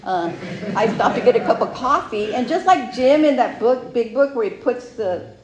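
A woman giving a personal recovery testimony, telling her story in a lively way and acting out her past thoughts. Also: fairly high pitch, normal speed, a crowd in the background. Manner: animated storyteller who acts out her own past thoughts. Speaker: speaker sharing a recovery story. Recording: roomy sound with faint ambience.

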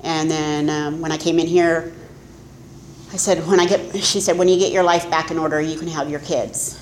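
A middle-aged woman speaks candidly about her own recovery at a meeting, mocking herself along the way. Her voice sits a little low. The room is echoey, with a faint hum of ambience behind her. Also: steady tone, normal speed. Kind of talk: personal testimony talk.

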